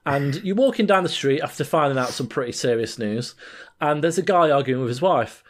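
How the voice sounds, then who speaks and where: Man, slightly higher-pitched voice, laughs through an animated retelling, casual podcast chat. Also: fairly quick. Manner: laughs while telling a story, trails off and restarts. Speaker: podcast co-host.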